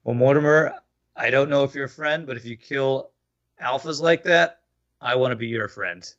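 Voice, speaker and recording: A man's voice: medium pitch, moderate pace. A man takes part in a tabletop game, laying out his character's actions at an easy pace. The audio is dull and muffled. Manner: relaxed, describes his character's moves. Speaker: player. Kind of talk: tabletop role-play.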